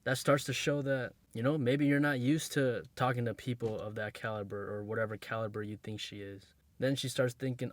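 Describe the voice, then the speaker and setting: A man talks straight to his viewers with blunt, streetwise advice, hammering each point home through repetition. His voice sits at an ordinary middle pitch, and he comes across as direct and sure of himself. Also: fairly even intonation, a little fast, few pauses, dry recording. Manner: slangy, streetwise phrasing. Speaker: dating advice creator. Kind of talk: casual advice monologue to camera.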